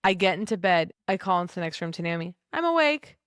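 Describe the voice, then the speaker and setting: A woman co-hosting a podcast, gushing and animated as she tells stories and acts out what people said. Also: fairly low pitch, quick pace, no echo, studio quality. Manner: gushing, animated storyteller who acts out quotes. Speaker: podcast co-host. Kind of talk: casual chat.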